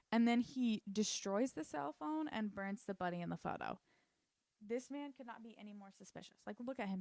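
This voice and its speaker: A woman's voice: a little high, fairly quick, vocal fry, a little mellow, dry recording. A woman chatting casually and sarcastically as she recaps a TV show, full of "like" asides. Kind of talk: casual commentary.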